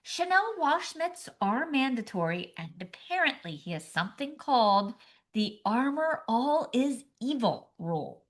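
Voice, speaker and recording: A woman's voice: fairly high pitch, big pitch swings, unhurried. A woman co-hosting a comedy podcast, sarcastic and acting out screaming parents in her jokes. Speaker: podcast co-host.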